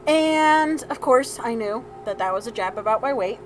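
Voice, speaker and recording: A woman's voice: fairly high pitch, lively intonation, moderate pace, slight background noise, poor audio. A woman hosting a live crafting stream, telling a family story in a casual, rambling way with frequent laughs and restarts.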